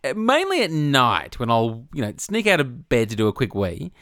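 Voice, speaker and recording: A man's voice: medium pitch, wildly swooping pitch, moderate pace, a bit bright, no room sound, clean studio sound. A man in his thirties with an Australian accent, co-hosting a podcast in a joking, laid-back way. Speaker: podcast co-host. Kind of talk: casual chat.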